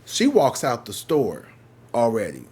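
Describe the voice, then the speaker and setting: A man's voice: medium pitch, a little slow, husky. A man with a St. Louis accent tells a casual story and swears freely. His voice sits in a middle register, and he jumps into other people's voices to act out their lines. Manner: profane, animated, acts out other people's lines. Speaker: tarot reader telling a story.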